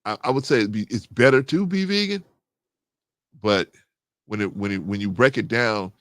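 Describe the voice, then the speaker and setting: A middle-aged man, hosting a casual livestream, reading chat and getting animated as he agrees. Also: normal speed, no room sound, clean studio sound. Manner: animated, rising to excited high pitch when agreeing. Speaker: host.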